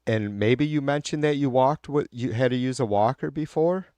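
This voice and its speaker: A man's voice: medium pitch, moderate pace, a little mellow, clear, resonant tone, dry recording. A man hosting a live stream, reading viewer comments and ranting bluntly about politics with a lot of swearing. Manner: blunt, heated, swears often. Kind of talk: casual profane political rant.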